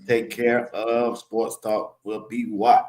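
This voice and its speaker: A man hosting a live sports talk stream, firing off casual shout-outs to the chat and laughing often. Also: fairly low pitch, little pitch movement, takes it slowly. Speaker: live show host.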